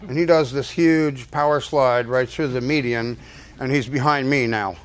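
A man's voice: mid-range voice, normal speed. An older man telling a personal story to an audience, rambling casually with many restarts and fillers. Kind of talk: casual spoken anecdote.

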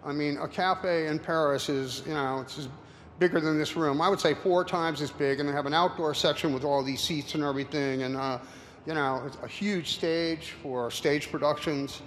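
A man in his sixties giving a casual slide talk with anecdotes to an audience, rambling and halting with many fillers. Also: on the high side, steady tone, fairly bright tone. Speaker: presenter. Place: room with an audience. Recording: reverberant hall, faint noise.

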